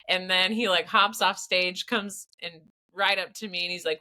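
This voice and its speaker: A young woman hosting a podcast, chatting in an expressive, storytelling way. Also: lowish voice, a little fast, hardly any pauses. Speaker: podcast host. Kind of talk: casual chat.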